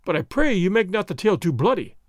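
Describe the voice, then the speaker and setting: A man's voice: high voice, sing-song, quick pace, dry recording, studio quality. A man doing a mild, needling young nobleman. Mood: needling, mock-innocent. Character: mild, teasing young nobleman, languid and polite.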